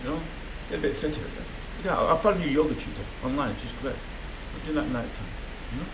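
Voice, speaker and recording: A man's voice: medium pitch, quick pace, reverberant, noisy background. A man rambling through an unscripted video diary from a room in a mental health hospital, swearing often. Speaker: vlogger.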